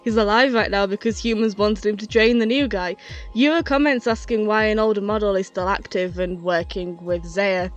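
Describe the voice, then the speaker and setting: A woman talking through a casual retrospective review, slightly out of breath, chatty and enthusiastic and quick to laugh. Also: medium pitch, steady tone, faint music behind.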